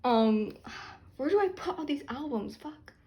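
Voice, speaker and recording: A young woman filming an unboxing vlog, talking loudly and dramatically, laughing and half-crying over what she gets. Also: high voice, lively intonation, measured pace. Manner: loud, chaotic, dramatic reactions with laughing and fake crying. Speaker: vlogger unboxing albums.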